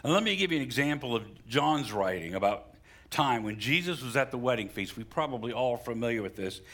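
Bright-voiced male pastor preaching. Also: medium pitch, brisk. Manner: animated preaching with sudden rises for emphasis and asides to the congregation. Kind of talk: sermon.

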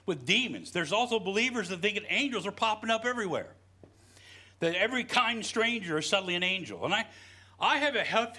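Preaching in a folksy, storytelling manner full of jokes and frequent "you know"s, the middle-aged pastor from West Virginia has a rather high male voice with a sharp tone.

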